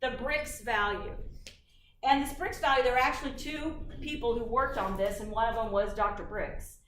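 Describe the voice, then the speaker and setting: A woman giving a university lecture in a lively, chatty way, often putting questions to the class. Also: a little high, moderate pace, slight background noise. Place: lecture hall. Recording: echoey hall, from far off.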